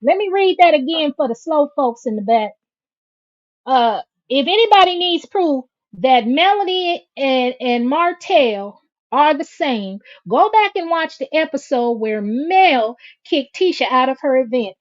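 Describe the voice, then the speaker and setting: Sassy high-voiced woman. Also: animated. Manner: sassy, drawn-out and chatty, says "baby" and "y'all" a lot. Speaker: livestream host reading chat. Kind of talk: casual livestream chat. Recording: dull lo-fi home stream audio.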